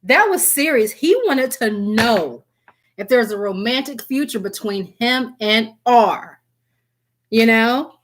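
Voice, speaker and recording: Against a noisy background, a woman with a fairly high voice takes her time reading tarot cards live. She's chatty and giggly, uses her viewers' names, and keeps cracking up and apologizing.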